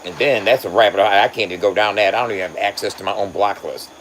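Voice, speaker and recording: A man's voice: lowish voice, racing, a bit bright, slight background noise. A man livestreaming and talking loosely to his chat, swearing freely and laughing often. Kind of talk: casual livestream banter.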